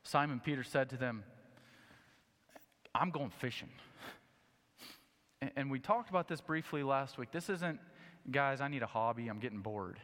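A man preaching a sermon, reading scripture and acting out the story with lively asides. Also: medium pitch, normal speed, long pauses, big-room sound. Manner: animated storytelling, acting out scenes. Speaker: pastor.

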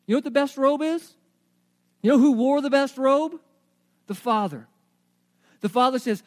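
A man preaching a sermon, retelling a story with animated energy and frequent rhetorical questions. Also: very high-pitched, normal speed, pauses often.

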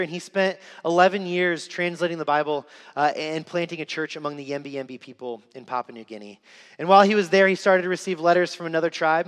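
Young guy preaching, earnest, keeps repeating stuff for punch, kinda high voice, big echoey church. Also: a bit bright, clear, resonant tone. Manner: earnest storytelling with emphatic repetition. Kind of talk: sermon. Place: church sanctuary. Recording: reverberant church hall.

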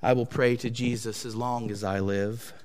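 A man's voice: mid-range voice, normal speed, pitched below the performer's own voice, close to an everyday voice. A man doing a meek, faithful enslaved man. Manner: quiet, humble and steady. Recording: long echo of a large hall.

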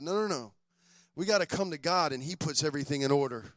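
A male pastor preaching a lively sermon, calling on his congregation to repeat lines after him. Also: fairly high pitch, fast talker, dry recording.

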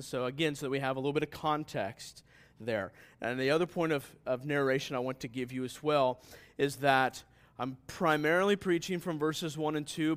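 A man preaching a sermon in a relaxed, conversational way, with asides to the congregation. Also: mid-range voice. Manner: conversational preaching that rises to emphatic scripture reading. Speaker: pastor.

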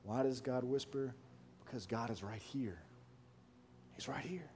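A male pastor preaching a sermon and then praying at a church service, swinging between near-whispers and loud shouted questions. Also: mid-range voice, unhurried, slight background noise.

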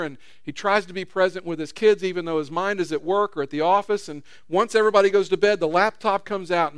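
A man's voice: fairly high pitch, clean tone, no echo, clean studio sound. A man preaching a sermon in a conversational way, acting out quotes with rising intensity. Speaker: pastor.

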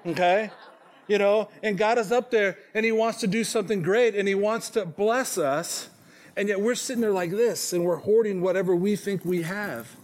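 A pastor in his forties preaches to his congregation with a high voice and an easy, conversational delivery. He pokes fun at himself and keeps checking in with "okay?" as he talks. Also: moderate pace. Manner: conversational, self-deprecating, frequent "okay?" check-ins. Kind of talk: sermon. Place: church sanctuary.

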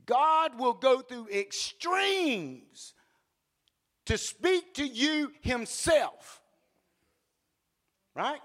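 A male preacher giving a sermon in animated storytelling, with blunt joking asides and bursts of shouting. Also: very high-pitched, drawn-out words, long pauses, long reverb tail.

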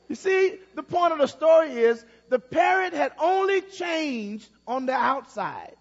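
A high-voiced male pastor preaches in a church, spinning a story and repeating phrases for emphasis. His voice rings through a big hall with a long echo, and the recording has a dull, muffled sound. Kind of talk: sermon.

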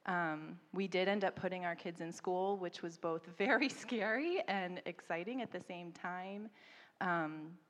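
A missionary woman in her thirties telling a story, animated and laughing often, mimicking people in a higher voice. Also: a little slow. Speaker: missionary guest. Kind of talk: storytelling in a church interview. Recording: long hall reverb.

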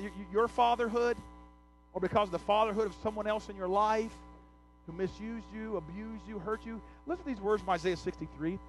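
A man preaching a sermon as pastor, impassioned, swelling loud and dropping soft. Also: high-pitched, poor audio.

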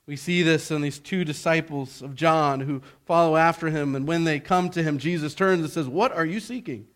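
A man preaching a sermon, swinging between loud exhortation and hushed softness and asking rhetorical questions. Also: fairly high pitch, fairly even intonation, normal speed. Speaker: pastor.

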